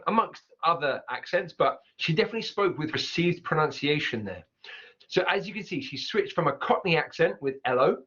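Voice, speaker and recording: A man gives a cheerful online pronunciation lesson, his voice sitting a touch high. He stops to repeat example words slowly so each sound comes through. The recording is dull and lo-fi. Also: fairly bright tone. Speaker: English teacher.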